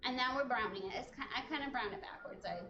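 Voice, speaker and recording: A woman's voice: a little high, fast, echoey room, dull audio, noisy background. A woman in her late thirties chatting casually while cooking on a live stream, self-mocking and laughing often, teary from onions. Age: late 30s.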